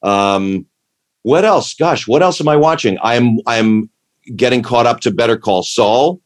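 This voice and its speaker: A man's voice: mid-range voice, a little slow. A man in casual chat, rambling and restarting his sentences, enthusiastic about what he describes. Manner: rambling, self-interrupting, enthusiastic.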